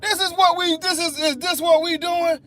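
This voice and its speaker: A man's voice: extremely high pitch, moderate pace. A man hosting a live stream, ranting in a profane, mocking way. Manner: profane, mocking, animated rant. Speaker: livestream host.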